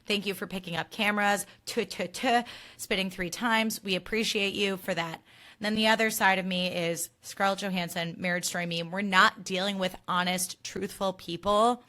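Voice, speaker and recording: Bright-voiced woman ranting on a podcast. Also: mid-range voice. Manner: animated, profane, quick emphatic rants. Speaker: podcast host. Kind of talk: casual solo podcast chat.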